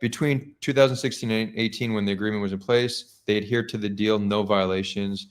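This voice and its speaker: A man's voice: lowish voice, fairly even intonation, brisk. A man hosting a live stream, talking casually and skeptically, thinking aloud with frequent restarts. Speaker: streamer host.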